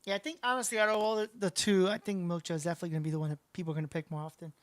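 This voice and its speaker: A woman's voice: fairly low pitch, fairly even intonation, very fast, no echo. A woman giving casual livestream commentary as she plays a game, chatting and reacting aloud to the match. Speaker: game streamer.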